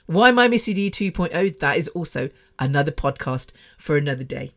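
A woman's voice: low-pitched, animated, fairly quick, a bit bright. A woman from England in her forties talks straight to her listeners in a casual podcast monologue. She is chatty and self-mocking, with frequent laughter, in the easy manner of a former radio presenter.

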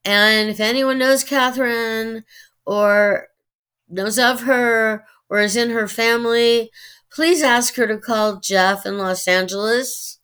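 A middle-aged woman with a Californian Valley accent, talking earnestly as an interview guest, with many pauses and fillers. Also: a little high, steady tone, fairly bright tone, clear, resonant tone. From United States. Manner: earnest, opinionated, halting with fillers. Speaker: guest, actress and writer. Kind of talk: interview conversation.

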